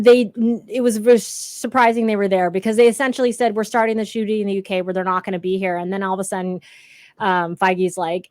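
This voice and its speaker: A woman's voice: mid-range voice, no echo, studio quality. A woman guest in a casual podcast chat, chatty and hesitant, full of ums and likes.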